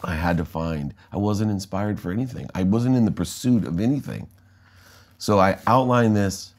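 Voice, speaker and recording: A middle-aged American man, interviewed as a guest, energetically recounts his life story and imitates the voices of people he quotes. His voice sits on the low side at a normal speed, in candid conversational storytelling.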